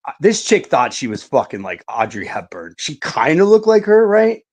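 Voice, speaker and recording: A man's voice: fairly high pitch, very animated, moderate pace, a little mellow. A middle-aged man telling a story in casual podcast chat, swearing a lot and saying "like" and "right" often.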